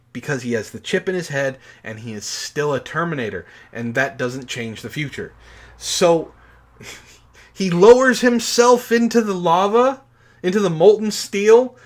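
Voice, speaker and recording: A man in his forties with a notably high-pitched voice, chatting casually as a podcast co-host. He tells his stories in an animated way, swearing freely as he goes. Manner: profane, animated storytelling. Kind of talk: casual chat.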